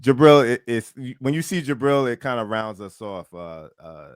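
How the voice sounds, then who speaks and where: A man, a musician guest on a podcast, talking in a relaxed, rambling way with lots of fillers. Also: medium pitch, normal speed, no echo, studio quality. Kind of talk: casual interview chat.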